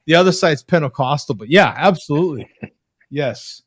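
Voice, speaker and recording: A man's voice: a little high, lively intonation, normal speed, slightly rough, dry recording, studio quality. A man hosting a casual video-call chat, telling rambling stories with frequent tag questions. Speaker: host.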